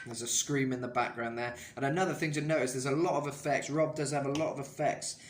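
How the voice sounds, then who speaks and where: A man's voice: medium pitch, steady tone, fast talker, roomy sound, raised voice, background noise. A man coaching singing in a casual, rambling way, full of "kind of" and filler sounds. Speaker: vocal coach. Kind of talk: casual singing tutorial talk.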